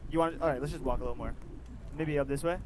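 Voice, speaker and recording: A man live-streaming from a city street, chatting casually in relaxed slang. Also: medium pitch, rapid-fire, crowd noise, rough recording. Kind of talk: casual street livestream chat. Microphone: portable streaming mic. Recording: street traffic noise. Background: street traffic noise.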